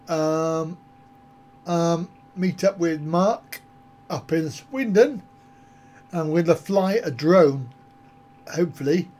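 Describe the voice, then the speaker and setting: A man's voice: a little high, a little mellow. A man hosting a travel vlog live stream, chatting with viewers in a jokey, rambling, easygoing way.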